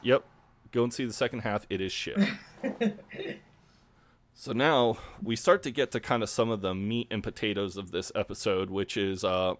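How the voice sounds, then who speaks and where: A man, co-hosting a casual podcast chat, laid-back and quick to swear and laugh. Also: fairly low pitch, no room sound. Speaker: podcast co-host. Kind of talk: casual chat recapping a TV episode.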